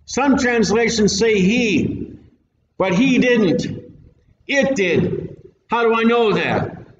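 A man gives a folksy, plain-spoken sermon, leaning hard on his points. His voice sits high for a man. He is recorded from a distance in a roomy hall, and the sound is dull and slightly noisy. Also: lively intonation, takes it slowly. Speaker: preacher. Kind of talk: casual Bible-teaching sermon. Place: church hall with a live audience. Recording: echoey room, mic at a distance, dull sound.

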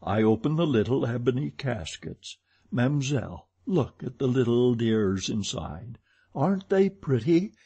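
A man voicing a calm, mocking masked madman who speaks slowly and deliberately. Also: mid-range voice, slightly rough, highs cut off, exaggerated voice. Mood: cold taunting. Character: cold, mocking male masked madman, composed.

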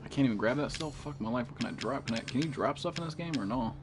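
A man streaming a horror game, panicking, yelling and swearing heavily as he plays. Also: mid-range voice, expressive, quick pace, noisy background. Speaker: gamer streamer. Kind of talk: horror game live commentary. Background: game music and sound effects.

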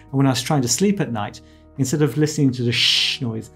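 Gravelly-voiced man explaining casually. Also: medium pitch, a little fast, fairly bright tone, faint music behind. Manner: conversational, reassuring, with asides and quoted self-talk. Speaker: ENT surgeon explaining his experience.

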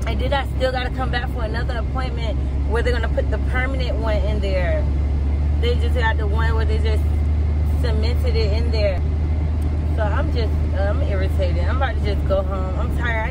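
Hoarse woman vlogger, candid and chatty, recorded on a phone with plain street noise behind. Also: medium pitch. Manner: candid, chatty, swears freely. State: hoarse from laryngitis. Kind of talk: casual vlog talk to camera.

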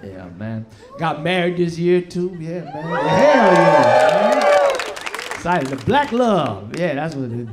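A young man doing a stand-up comedy set on stage, loud and streetwise, bantering with the crowd. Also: fairly high pitch, very animated, measured pace. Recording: live show, loud crowd laughter and noise.

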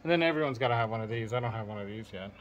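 A man's voice: fairly low pitch, racing, lo-fi sound, a little hiss or hum. A man vlogging casually as he walks through a large guitar and amp collection, admiring pieces and trailing off as he searches for names. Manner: enthusiastic, admiring, rambling, often searching for names. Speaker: vlogger touring a gear collection. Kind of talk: casual walkthrough commentary. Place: indoors in a room full of guitars and amps.

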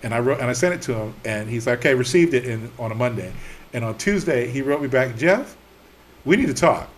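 Animated man telling war stories. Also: medium pitch, fast, slight background noise. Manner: animated, acts out quoted dialogue, laughs often; slangy, salty talk. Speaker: TV writer and producer, podcast guest. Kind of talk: casual storytelling interview.

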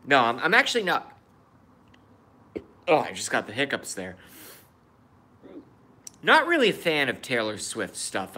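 A man hosting a casual livestream, reacting bluntly to viewers' chat and swearing freely, swinging between loud outbursts and quiet muttering. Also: medium pitch, very animated, moderate pace, pauses often. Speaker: livestream host.

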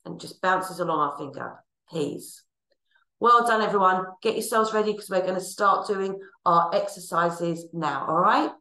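A woman's voice: lowish voice, normal speed, hardly any pauses, pushed and bright. An Irish woman teacher, encouraging and instructive, leading a class through sign language words and exercises. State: out of breath during exercise. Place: school room. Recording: echoey room, mic at a distance.

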